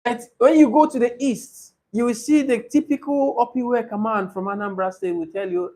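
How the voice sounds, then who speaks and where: A man's voice: extremely high pitch, normal speed, hardly any pauses, dark tone. A man with a Nigerian English accent teaching a class on pronunciation, stressing and repeating key words to drill them.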